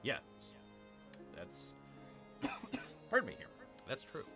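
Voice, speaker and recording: A man's voice: medium pitch, wildly swooping pitch, takes it slowly, music in the background. A man hosting a gaming channel, chatting casually through a strategy game, repeating himself and calling viewers "people". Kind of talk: casual let's-play commentary.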